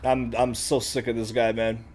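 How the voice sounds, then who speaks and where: A man's voice: mid-range voice, flat delivery, normal speed, darkish tone, soft background music. A man streaming a game, muttering and swearing as he works out the controls. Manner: profane, swears a lot, frustrated muttering. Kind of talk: casual gaming commentary.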